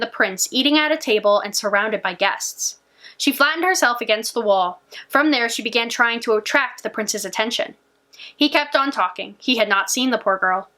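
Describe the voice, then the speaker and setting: A woman library storyteller reading a fairy tale aloud in an animated, expressive way. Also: a little high.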